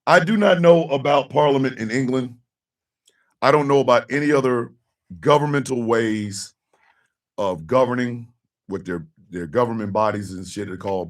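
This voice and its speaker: A man hosting a casual talk show, ranting loudly and cursing, swinging between shouting and low mutters. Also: distant mic. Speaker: host.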